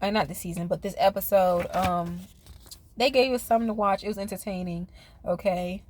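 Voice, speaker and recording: A woman's voice: medium pitch, steady tone, brisk, darkish tone, slight background noise. A woman reviewing a reality TV episode in a casual, sassy, chatty way, speaking straight to her viewers. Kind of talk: casual recap commentary.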